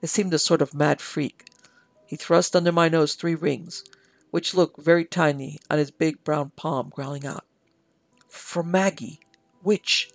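A man reads an old sea tale in a steady storytelling manner. His voice sits a little high and carries a gravelly edge. The recording is dry and close, with soft music in the background. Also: dry recording. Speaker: narrator and producer. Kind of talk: audiobook reading of a classic sea story.

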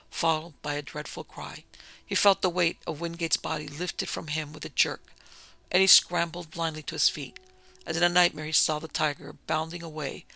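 A man narrating a story aloud in a measured, even reading. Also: on the high side, creaky, dry recording. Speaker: audiobook narrator.

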